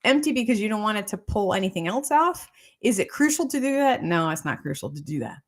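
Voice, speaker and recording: A woman's voice: medium pitch, expressive, brisk. A woman doctor giving a casual health talk, repeating points and checking in with her listeners as she explains. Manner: repetitive, keeps checking in with "okay?" and "right?".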